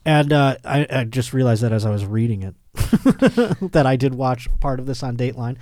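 A man's voice: medium pitch, lively intonation, normal speed, darkish tone, no echo, studio quality. A man hosting a comedic podcast, riffing on odd news stories and laughing often. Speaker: podcast host.

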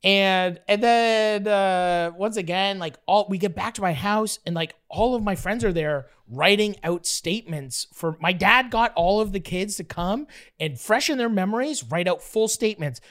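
A man telling a story as a guest in casual conversation, animated and profane, with lots of "like" fillers. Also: sits high, moderate pace.

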